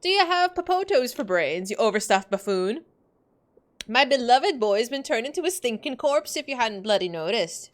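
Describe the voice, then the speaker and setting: A woman voicing a fierce, scolding middle-aged mother with a put-on Scottish accent, sharp and bossy in tone. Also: a little high, sing-song, normal speed.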